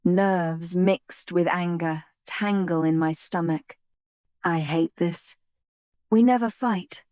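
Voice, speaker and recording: Slow, mellow woman narrating an audiobook. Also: lowish voice, steady tone, no room sound, studio quality. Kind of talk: first-person fantasy romance narration.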